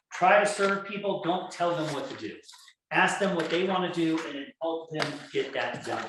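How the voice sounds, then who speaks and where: Animated man lecturing in an echoey hall. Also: high voice. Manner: animated storytelling, acts out quoted dialogue. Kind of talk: conference lecture. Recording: echoey hall, speaker far from mic, faint noise.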